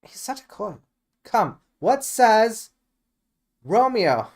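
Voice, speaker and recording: A man voicing an eager, impatient young girl in love, raising his pitch, in an amateur reading of a Shakespeare play. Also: sing-song, takes it slowly, exaggerated voice.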